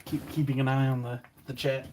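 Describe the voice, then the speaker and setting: A man co-hosting a live stream, telling a story casually in a relaxed, rambling way and correcting himself as he goes. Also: mid-range voice, brisk, a little hiss or hum. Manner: rambling, relaxed, self-correcting, acts out quoted voices.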